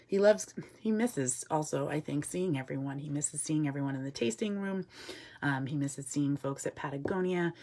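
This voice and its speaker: A woman wildlife educator giving a live-streamed talk indoors at a desk. She answers viewer comments in a chatty way, with lots of ums and soft asides to the bird. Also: sits low, moderate pace. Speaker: wildlife educator with an animal ambassador.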